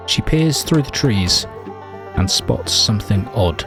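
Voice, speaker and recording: A man with a low, deep voice tells the story of his game in a dry, mock-tragic way. Soft music plays faintly behind him. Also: animated, slow pace. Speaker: let's play host. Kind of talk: comedic game narration.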